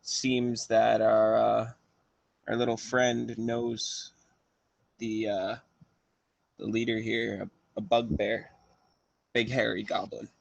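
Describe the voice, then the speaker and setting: A man voicing a plain-spoken male adventurer who talks things through slowly in a tabletop game. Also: on the low side, little pitch movement, gravelly, no echo, highs cut off, full character voice. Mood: matter-of-fact.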